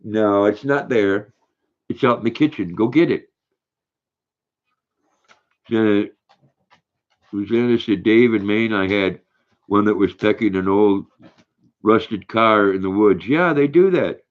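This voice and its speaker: A man's voice: on the low side, takes it slowly, pauses often, phone-quality sound. An older man hosting a casual livestream, chatting and reading viewer comments aloud while talking to his dog. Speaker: livestream host.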